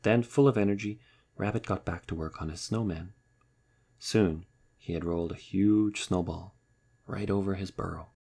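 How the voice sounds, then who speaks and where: A man reading a children's storybook aloud in a wry, lively storytelling manner. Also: low-pitched, normal speed, gravelly, slightly rough. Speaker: narrator.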